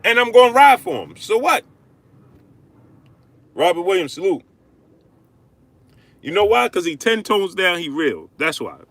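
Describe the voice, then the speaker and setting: Man, livestream host, argumentative boxing rant, fairly high voice, lively pitch. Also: unhurried, pauses often, no echo. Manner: animated, repetitive, argumentative, shouting out viewers. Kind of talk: live-stream boxing rant.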